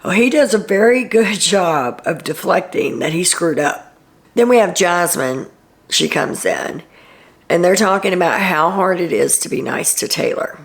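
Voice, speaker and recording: A woman's voice: on the low side, expressive, measured pace, vocal fry. A woman hosting a casual reality TV recap, chatty and opinionated, with frequent ums as she retells the week's events.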